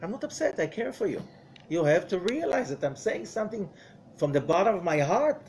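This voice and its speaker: A man's voice: high-pitched, sing-song, fairly quick, a little mellow, slight background noise, voice pushed up. A man voicing a loving, worried father who earnestly reassures his child. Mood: earnest caring.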